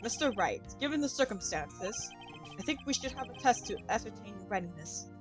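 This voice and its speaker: A woman voicing an elderly male judge in a lowered, formal old-man voice, reading game dialogue aloud. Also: lively intonation, fairly quick, far from the mic, faint music behind, natural voice. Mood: stern. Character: elderly male judge, stern but patient.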